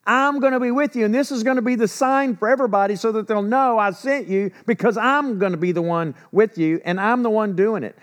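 A man's voice: high-pitched, fairly quick, hardly any pauses, pitched above the performer's own voice, lightly acted. Male preacher voicing a casual, reassuring God, raised and emphatic.

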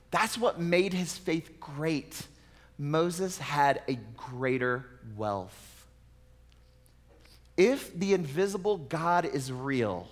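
A man's voice: medium pitch, in a large hall. A male pastor preaching a sermon in a conversational way, with casual asides.

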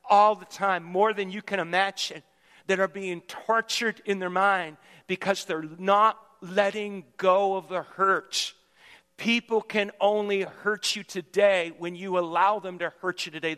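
A man's voice: high-pitched, bright, forceful tone, smooth, in a large hall. A man preaching a sermon as pastor, emphatic and repetitive as he builds his points. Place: church sanctuary.

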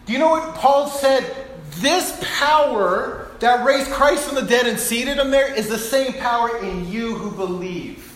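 A man with a notably high voice preaches a lively sermon, acting out the Bible's speakers with energy and laughing at himself. His voice rings through a large hall with long reverb and a roomy echo. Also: normal speed. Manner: animated, acts out Bible quotes, laughs at himself. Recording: echoey hall.

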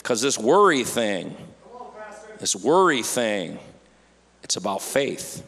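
A man preaching a lively, playful sermon to a church congregation, acting out worried voices for laughs. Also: on the low side, slow pace. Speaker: pastor. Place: church sanctuary. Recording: church hall with long reverb.

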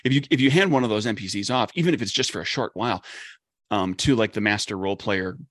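A man's voice: on the low side, fast talker, a bit bright, dry recording, clean studio sound. A man, a game designer, talking casually and rambling with lots of "like" and restarts. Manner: rambling, heavy use of "like" and restarts. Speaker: game designer on a discussion panel. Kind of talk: casual discussion.

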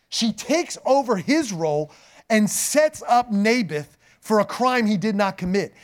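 A pastor preaching a sermon, telling scripture stories and acting out the quotes with lively, dramatic delivery. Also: male voice, sits high.

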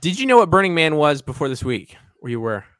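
A man's voice: fairly high pitch, sing-song, quick pace, a bit bright, dry recording. A man co-hosting a podcast in casual chat, teasing with dry, wry asides. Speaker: podcast co-host.

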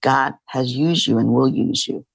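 Middle-aged female guest, husky with a gravelly edge, reflective and halting, dry recording. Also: extremely low pitch, no echo. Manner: halting, reflective, many fillers. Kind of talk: casual interview talk.

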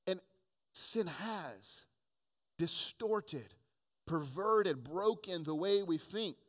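A man delivers a sermon in a slightly raised voice. He moves from loud, emphatic points down to quiet, earnest asides as he preaches. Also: high voice, animated, very slow. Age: adult, has children. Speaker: pastor.

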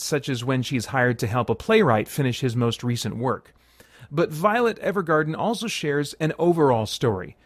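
A man's voice: medium pitch, no room sound. A man hosting a podcast, reading a scripted review in an earnest, reflective way with the odd self-deprecating aside. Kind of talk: scripted review read aloud.

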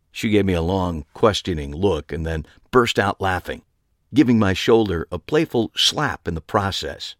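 A man's voice: low voice, animated, normal speed, a bit bright, dry recording, clean studio sound. A man narrating a first-person audiobook in a wry, conversational way.

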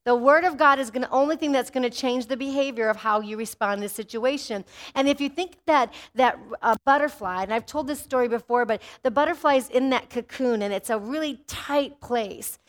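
A high-pitched woman delivers a sermon in a church. Her delivery is animated, and she keeps drawing the congregation in between points. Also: a little fast, hardly any pauses. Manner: animated, calls out "Amen?" to the congregation. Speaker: preacher.

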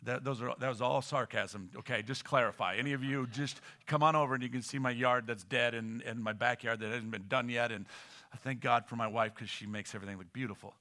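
A middle-aged man preaching a sermon as a pastor, swinging from loud emphatic lines to hushed, almost whispered ones and often repeating words as he builds. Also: mid-range voice, fairly even intonation, a little fast.

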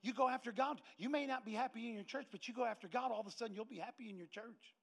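A middle-aged male pastor with a high, gravelly voice tells stories from the pulpit. He delivers them lively and anecdotally, slipping into other people's voices along the way. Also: very fast. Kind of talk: storytelling sermon.

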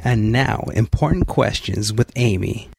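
A man putting on a deep male segment announcer voice, speaking slowly and grandly. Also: creaky, a little mellow, husky, long reverb tail, full character voice.

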